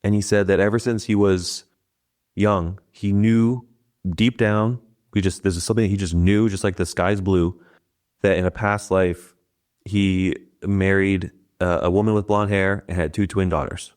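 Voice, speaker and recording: A man's voice: low voice, fairly even intonation, measured pace, a little mellow. A man hosting a podcast, retelling a story in a casual, rambling way. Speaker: podcast host. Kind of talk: podcast interview.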